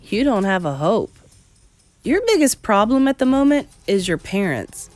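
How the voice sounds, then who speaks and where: A woman's voice: medium pitch, big pitch swings, normal speed, no room sound, lightly acted. A woman voicing a matter-of-fact boy who has been turned into a mouse. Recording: dry close sound with faint music.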